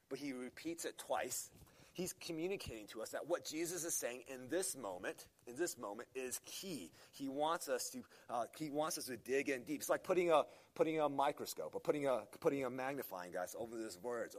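A man preaching, earnest and emphatic, at a medium pitch. He often restarts his phrases and puts in fillers as he leans on his key points. His voice is that of a pastor teaching his congregation. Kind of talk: sermon.

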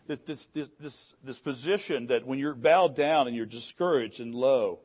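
A man's voice: medium pitch, normal speed, darkish tone. A middle-aged man preaching a sermon in an earnest way, often repeating words, and rising in emphasis on key phrases. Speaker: pastor.

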